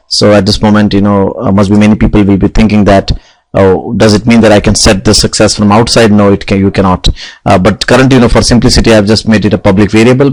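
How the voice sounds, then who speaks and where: This live coding tutorial features a programming instructor whose voice sits on the low side, captured in poor audio. He walks through object-oriented code as he types, frequently saying "okay" and "you know."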